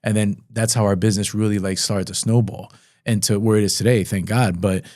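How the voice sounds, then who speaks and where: A man hosting a podcast in casual conversation, animated and playful, often jumping into goofy higher voices when he quotes himself. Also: a little fast, no echo, clean studio sound. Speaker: podcast host and fence sales director.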